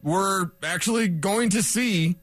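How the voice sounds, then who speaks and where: Excitable high-voiced sports radio host. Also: male voice, slow pace, dry recording. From Colorado. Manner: excitable, rambling, chuckles between thoughts. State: a little out of breath.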